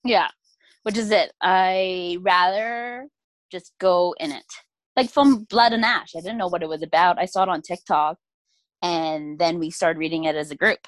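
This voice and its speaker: A young woman co-hosting a casual book chat, animated and quick to act out what people said. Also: fairly low pitch, dry recording. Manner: animated, acts out quoted lines, laughs often. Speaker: podcast co-host. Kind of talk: casual chat about books.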